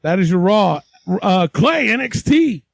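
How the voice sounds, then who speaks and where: A man co-hosting a casual wrestling podcast, rambling and profane, quick to laugh. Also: high voice, sing-song, vocal fry, no room sound. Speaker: podcast co-host.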